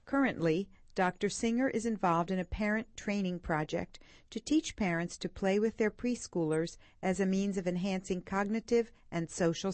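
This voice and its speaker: Woman, co-host, formal introduction, fairly low voice, dry sound. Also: darkish tone, dry recording. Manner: measured, formal reading. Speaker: radio show co-host. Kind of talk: scripted introduction.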